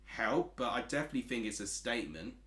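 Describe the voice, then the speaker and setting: A man's voice: medium pitch, very animated, fast, a bit bright, roomy sound. A man from Essex with an Essex accent, chatting casually as a streamer while watching football and reading out chat messages. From Essex, England.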